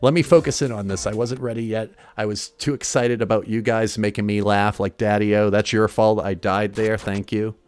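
A man streaming retro games and commenting casually, excitable and jokey, swearing often as he plays. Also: lowish voice, moderate pace, few pauses, clean tone.

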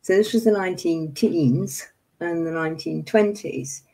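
A livestream host in her seventies has a lowish voice, a dark tone, and a moderate pace. She addresses viewers in impassioned, casual talk, angry and emphatic, while apologizing for her outbursts.

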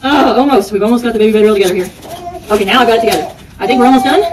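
A woman's voice: fairly high pitch, racing, far from the mic, a little hiss or hum, low-quality recording. A woman hosting a casual home vlog, narrating a product assembly in a rambling way with lots of fillers, indoors at home. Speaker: product reviewer.

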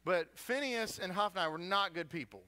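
A man's voice: high voice, normal speed, sharp tone. A man preaching a sermon as a guest preacher in a church, retelling a story with humor and animation.

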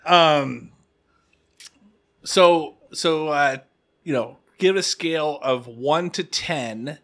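A man's voice: fairly high pitch, extremely slow, a bit bright. A man co-hosting a podcast, asking questions in casual chat and teasing with frequent laughs. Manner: jokey, teasing, laughs often. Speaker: podcast co-host.

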